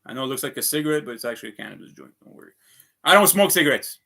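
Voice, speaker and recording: A man's voice: mid-range voice, lively intonation, racing, vocal fry, sharp tone. A man ranting heatedly on a casual livestream, swearing often and repeating himself. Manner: heated, profane, repetitive ranting. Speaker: vlogger.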